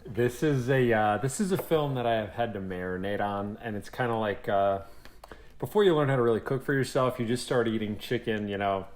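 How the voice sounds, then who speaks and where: Low-voiced and a little fast, this young podcast co-host tells stories animatedly in casual chat, performing quotes and cursing freely. The recording has a little hiss or hum.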